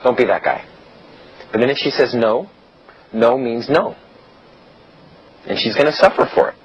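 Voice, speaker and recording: A man's voice: medium pitch, normal speed, slightly rough. A man giving a casual seminar-style lecture as a dating coach, blunt and chatty, often acting out quoted dialogue. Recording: dull lo-fi recording with faint hiss.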